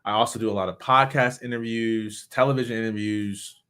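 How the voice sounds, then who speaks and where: A man who is a motivational speaker, talking candidly in a reflective, halting way, often restarting his sentences. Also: lowish voice, fairly even intonation, smooth. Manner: candid, halting, with many restarts and soft laughs. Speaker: motivational speaker and suicide survivor. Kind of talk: personal reflective talk.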